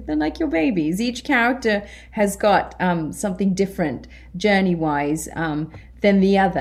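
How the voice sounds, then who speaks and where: A British woman, an actress, chatting in an interview, animated and laughing often as she acts out her own reactions. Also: lowish voice. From Britain. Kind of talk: casual interview chat.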